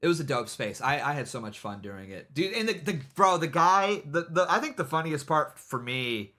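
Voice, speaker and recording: A man's voice: on the high side, animated, moderate pace, pushed and bright. A man hosting a livestream, giving casual, rambling commentary and mocking people, with many repeated "you know what I mean"s. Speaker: livestream host.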